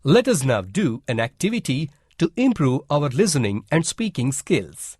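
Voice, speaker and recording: Guy reading a school lesson slow and careful, kinda husky, dry close voice. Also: medium pitch, big pitch swings, darkish tone, no room sound. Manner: slow and deliberate, instructive. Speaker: teacher narrator. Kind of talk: scripted educational narration.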